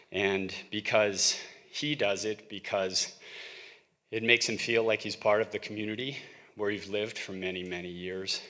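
A middle-aged man from Montana, out of breath, giving an earnest, halting public comment at a council meeting with frequent ums. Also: lowish voice, pushed and bright, in a large hall. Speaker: public commenter, local business owner. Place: council chamber.

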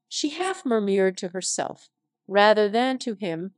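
A synthetic-sounding woman narrating a story in an even, unhurried reading voice. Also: mid-range voice, no echo. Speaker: audiobook narrator. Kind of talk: scripted narration.

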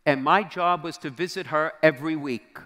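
Preaching to young people in a large convention hall, a middle-aged bishop tells a story at normal speed in a fairly high, bright, forceful voice. He performs the dialogue dramatically and sinks almost to a whisper at crucial points, with the hall's long reverb around him.

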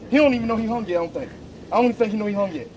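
A man landing a fish, talking in an excited, boastful casual way and repeating himself. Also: high voice, racing, a little hiss or hum. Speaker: angler.

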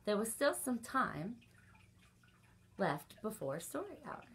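Reading a picture book to a group of kids, this woman librarian is expressive and slips in little asides for her young audience. She speaks slowly at a medium pitch.

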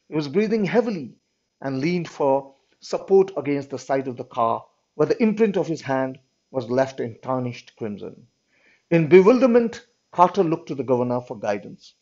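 A man's voice: mid-range voice, big pitch swings, moderate pace, mellow. A man teaching a class, reading a story aloud and explaining it, often checking in with "all right". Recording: dull lo-fi recording.

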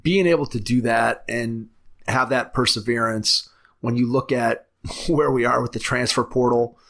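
Casting: male podcast host, gravelly and husky, steady flat delivery, reflective. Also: medium pitch. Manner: reflective, flowing commentary. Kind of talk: podcast interview.

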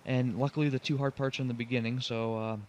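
A man's voice: medium pitch, steady tone, fast talker, darkish tone, lo-fi sound. A young man commenting on his own driving game run, getting frustrated, pleading with the truck and groaning at his mistakes. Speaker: gaming channel host.

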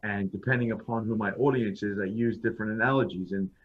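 A man's voice: on the low side, steady tone, fast, breathy edge. A man telling his personal story as a podcast guest, blunt and frank, often restarting his sentences. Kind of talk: personal storytelling in a casual interview. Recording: dull lo-fi sound.

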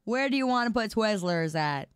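A woman's voice: medium pitch, expressive, moderate pace, smooth, no echo, studio quality. A woman streamer chatting playfully with her viewers, repeating words in a sing-song drawl. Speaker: livestreamer. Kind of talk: casual live-stream chat.

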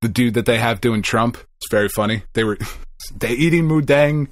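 A middle-aged man co-hosting a podcast, telling a story in a casual, animated way, swearing often and acting out the people he quotes. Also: medium pitch, normal speed, no echo. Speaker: podcast co-host.

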